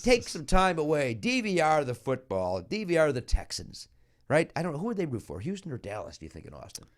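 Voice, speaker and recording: A man hosting a comedy podcast talks quickly, his pitch leaping up and down as he rambles. He slips into mock rants and crude jokes, then rattles off plugs in quick patter. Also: huge pitch swings. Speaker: podcast host.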